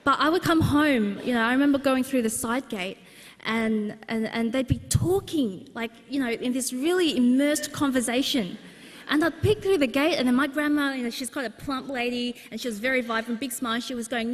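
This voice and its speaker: An Australian woman speaks at a book launch to a live audience in a large exhibition hall, with long reverb from the room. Her high-pitched voice runs a little fast as she gives a humorous, anecdotal personal talk packed with fillers.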